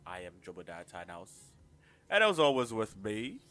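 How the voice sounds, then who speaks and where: An excitable man co-hosting a podcast, jumping from near-shouts to low mumbles as he jokes around. His voice is bright and forceful, and his pitch leaps about constantly. Faint music plays underneath. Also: moderate pace. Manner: excitable, jokey, big swings in pitch and loudness. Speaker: podcast co-host. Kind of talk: casual chat.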